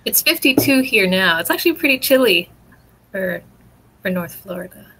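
A woman's voice: mid-range voice, animated, moderate pace, bright, forceful tone, breathy edge, low-quality recording. A woman hosting a casual livestream, greeting viewers and reading comments, laughing often. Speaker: host.

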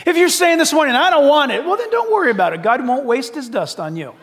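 An older man preaching a sermon as pastor, emphatic and shouting at times, then dropping to soft asides. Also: very high-pitched, wildly swooping pitch, fast, big-room sound.

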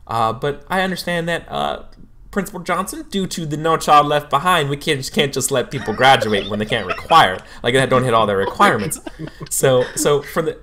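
A man doing a jovial, bumbling woman guidance counselor in an improvised tabletop session. The voice sits well above his own and swoops lively up and down. She stammers, trips over her words and repeats herself. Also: mid-range voice, moderate pace, a little hiss or hum, pitched above the performer's own voice. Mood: flustered apologetic. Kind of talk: improvised tabletop role-play.

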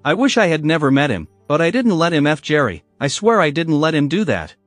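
Tearful, defensive young wife caught cheating, read by a man, pleading, animated delivery. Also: fairly high pitch, fairly quick, no echo, faint music behind.

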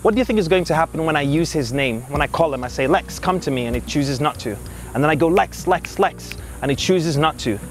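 A man's voice: on the high side, animated, quick pace, soft background music. A man who trains dogs, talking in a casual, upbeat way outdoors in a park. He explains his methods and turns often to praise and direct his dog. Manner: upbeat, talks to the dog in bursts between explanations. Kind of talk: casual instructional vlog.

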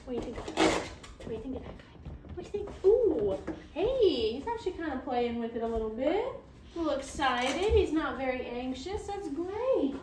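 A woman's voice: high-pitched, lively intonation, fast talker, a little hiss or hum. A woman who breeds dogs, talking through a puppy's temperament test and cooing at it in baby talk. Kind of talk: casual commentary while handling a puppy. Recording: echoey room, from a distance.

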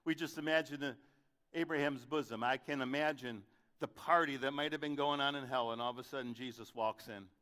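Bright-voiced pastor preaching with drama. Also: male voice, steady tone, brisk. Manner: dramatic, swings from loud questions to soft low delivery. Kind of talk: sermon.

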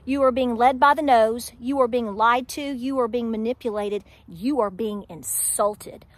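A middle-aged homestead vlogger with an Appalachian accent talks candidly to camera in a high voice at a measured pace. She is preachy and emphatic, firing rhetorical questions at viewers and hammering points through repetition. The recording is close and dry, with no echo.

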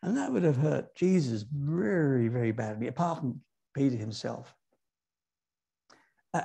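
A man preaches a sermon in a church, his voice mellow and a little husky. He drops to quiet asides and then climbs high on the key words, turning often to the congregation with rhetorical questions.

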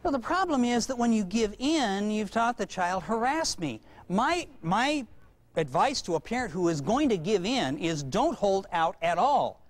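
Man, parenting lecturer, humorous talk, lively pitch, acts out dialogue. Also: moderate pace.

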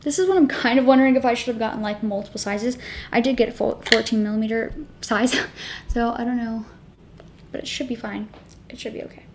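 A woman with a slightly high-pitched voice talks her viewers through a beauty tutorial in a loose, casual way. She leans on fillers and dramatizes her reactions, and she sometimes sinks into a whisper while concentrating. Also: a little fast. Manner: chatty, filler-heavy, self-dramatizing. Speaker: beauty vlogger. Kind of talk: casual product tutorial chat.

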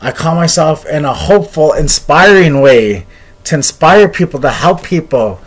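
A man's voice: fairly high pitch, lively intonation, moderate pace. A man earnestly telling a story in a personal video, speaking in encouraging, repeated phrases. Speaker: motivational speaker.

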